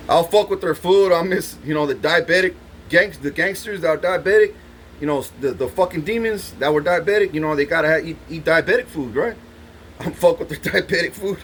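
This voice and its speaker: This is a man whose voice sits high for a male speaker. He rambles through his tale in a swaggering, profane way, laughing to himself between lines. A faint hum of noise runs behind him. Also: moderate pace. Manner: boastful, swears constantly, laughs between lines. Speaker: vlogger.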